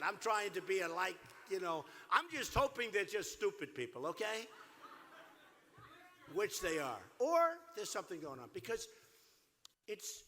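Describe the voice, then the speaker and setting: A man with a bright, forceful voice swings widely in pitch as he works a rally crowd. He repeats his points emphatically and wanders into side remarks. His amplified voice rings with long reverb in a large venue. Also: a little hiss or hum. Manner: emphatic, repetitive, rambling asides. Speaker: presidential candidate. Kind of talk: campaign rally speech. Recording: echoey hall with PA reverb.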